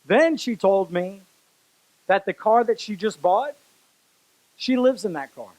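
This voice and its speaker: A man with a notably high voice delivers a motivational keynote to a live audience. He tells stories, speaks directly to the crowd and drives points home by repeating phrases. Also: lively intonation, unhurried, darkish tone, poor audio. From Louisiana, US. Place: stage before a live audience.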